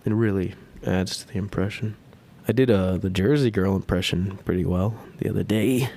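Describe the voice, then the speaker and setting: A man's voice: low-pitched, steady tone, moderate pace, mellow. A man in his thirties hosting a casual solo podcast, talking in a crude, profane and self-mocking way. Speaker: podcast host.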